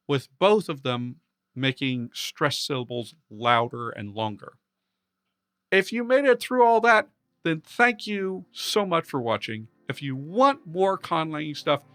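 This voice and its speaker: A man's voice: on the high side, sharp tone. A man hosting a language video, patiently explaining and demonstrating sounds. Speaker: conlang video host. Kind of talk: explanatory pronunciation lesson.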